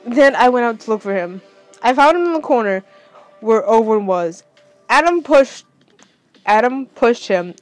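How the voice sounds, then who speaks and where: A woman with a fairly high voice reads her own fan fiction aloud at home. She sounds stuffy, as if she has been crying, and she often trips over a phrase, stops and starts the sentence again. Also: lively intonation, no echo, soft background music, poor audio. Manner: halting reading, stumbles and corrects herself. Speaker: amateur story reader.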